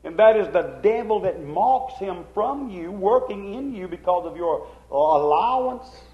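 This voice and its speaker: A man preaching a sermon with fervor, his voice sitting high and swinging between hushed and emphatic. The recording is echoey and dull, as if captured in a reverberant room on old equipment. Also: expressive, unhurried.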